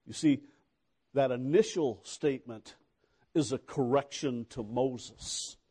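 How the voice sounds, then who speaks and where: A male preacher delivering a dramatic sermon, moving from hushed tones to shouting and acting out biblical dialogue. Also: mid-range voice, slow, husky.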